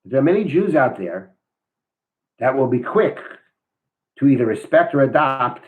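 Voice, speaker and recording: A man's voice: mid-range voice, very animated, normal speed, narrow, tinny audio. A man teaching a weekly Torah class, explaining ideas and reading a story aloud, often thinking aloud as he goes.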